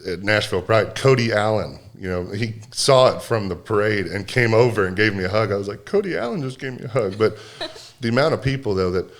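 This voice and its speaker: A man's voice: lowish voice, brisk. A man co-hosting a casual podcast chat, telling stories in a rambling way with many restarts and choking up with emotion. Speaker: podcast co-host.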